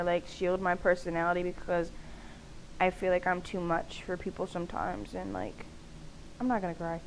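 A woman's voice: medium pitch, darkish tone, slight background noise, rough recording. A young woman hosting her own podcast, talking candidly in a loose, chatty way, full of "like" fillers and laughter. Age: young adult. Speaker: podcast host. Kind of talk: casual solo podcast monologue.

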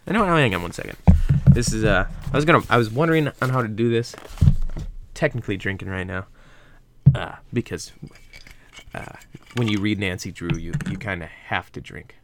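A young man with a fairly quick, low-leaning voice reads a book aloud into a computer mic at his desk, drinking vodka and rambling off into profane asides as he interrupts himself. He's the reader and host, and there's background noise.

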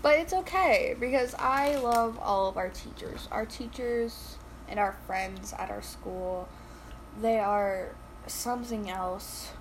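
A teenage girl co-hosting a casual podcast, loud, teasing and quick to laugh. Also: a little high, background noise. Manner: giggly, loud, quick to tease. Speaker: podcast co-host. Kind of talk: casual chat.

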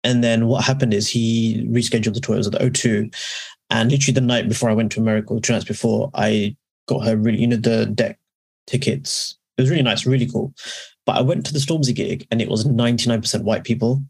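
A man's voice: mid-range voice, steady tone, quick pace, creaky, darkish tone, husky. A man co-hosting a podcast, telling long rambling stories in casual chat and often correcting himself. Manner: rambling, anecdotal, with self-corrections. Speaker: podcast co-host.

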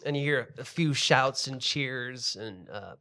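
A man narrating a tabletop game as game master, describing scenes in a relaxed second-person way. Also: medium pitch, unhurried.

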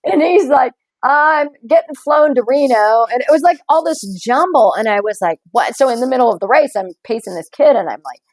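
A woman's voice: high voice, fast talker, few pauses, dry recording, low-quality recording. Laughing woman telling a story. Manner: animated storyteller, laughs often. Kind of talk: casual conversation.

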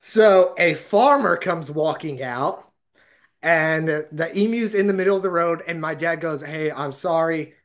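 A man's voice: on the high side, a little slow. A man from Arkansas, hosting a podcast and telling a rambling, laughing story in casual chat. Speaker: podcast host.

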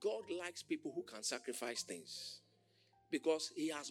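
Animated preacher man, lively pitch. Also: unhurried, soft background music. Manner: animated, shouting and laughing, mimicking others. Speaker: pastor. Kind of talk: sermon.

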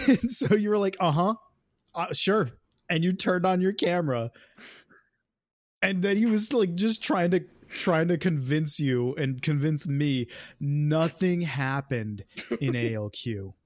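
Young male podcast co-host, slightly high voice, easygoing, dry close mic. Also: measured pace, no echo. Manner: relaxed, laughing, recounting events. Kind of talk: casual chat.

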